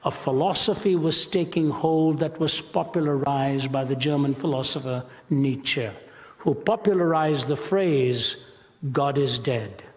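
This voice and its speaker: A man's voice: mid-range voice, measured pace, in a large hall. A man giving a passionate, emphatic sermon-style lecture on ethics, speaking as a Christian apologist.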